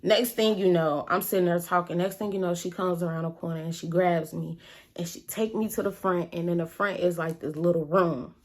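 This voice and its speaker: Woman telling a profane, animated story. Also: lowish voice, brisk. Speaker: vlogger. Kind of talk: casual storytime.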